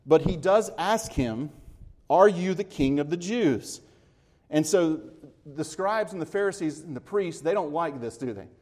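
A man's voice: fairly high pitch, animated, measured pace, a little mellow. A man preaching a sermon in a conversational way, explaining scripture with everyday comparisons and acting out the dialogue. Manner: retells dialogue, acting out the speakers.

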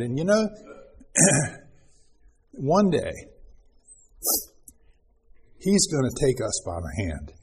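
Male preacher, husky, slow and earnest, mid-pitched, sermon reading. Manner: slow, earnest, clears throat often.

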